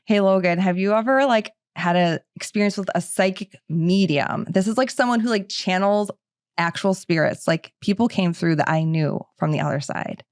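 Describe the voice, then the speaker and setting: A woman's voice: lowish voice, normal speed, no room sound, studio quality. A middle-aged woman hosting a podcast, talking in a chatty, casual way with lots of filler words. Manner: chatty, filler-heavy with frequent "like". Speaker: podcast host.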